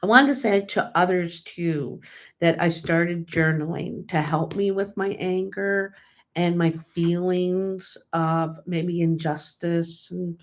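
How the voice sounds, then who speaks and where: A woman hosting her own vlog, talking in a candid, casual way with many fillers and restarts. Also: lowish voice. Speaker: tarot channel host. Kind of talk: casual personal vlog talk.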